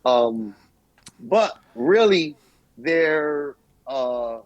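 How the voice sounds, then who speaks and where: A young man co-hosting a podcast in casual chat, telling stories with lively acted-out quotes. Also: mid-range voice, drawn-out words, dry recording, muffled recording. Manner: animated storytelling, acts out quotes. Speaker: podcast co-host.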